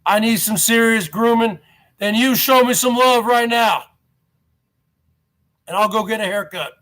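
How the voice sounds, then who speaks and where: A man hosting a live stream, ranting and badgering his viewers with repeated questions and bursts of shouting. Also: high-pitched, a little slow, pauses often. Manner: shouts to whip up the audience.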